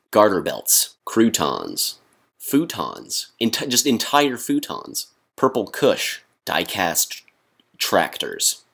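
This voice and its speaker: Deep-voiced deadpan young man. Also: gravelly. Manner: deadpan, halting with fillers. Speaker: comedy vlogger. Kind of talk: deadpan comedy monologue.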